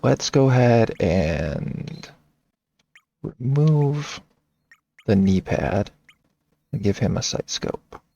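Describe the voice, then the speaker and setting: Low gravelly dude rambling through a game stream, kinda dull audio. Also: male voice, big pitch swings, extremely slow, long pauses. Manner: rambling, thinking out loud. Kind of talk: casual let's-play commentary.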